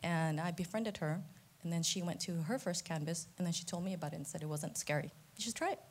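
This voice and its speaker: A woman's voice: fairly low pitch, quick pace. A woman who leads volunteer canvassing, speaking plainly and modestly in a casual group chat. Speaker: campaign volunteer, canvassing lead.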